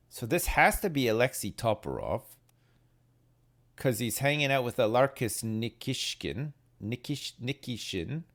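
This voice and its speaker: A British man streams a game, muttering and working things out aloud as he plays, his pitch swinging wildly. Faint game music plays in the background.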